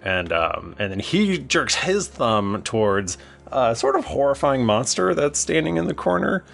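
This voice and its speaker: Lively game master narrating. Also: male voice, mid-range voice, unhurried, gravelly, faint music behind. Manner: animated, descriptive storytelling.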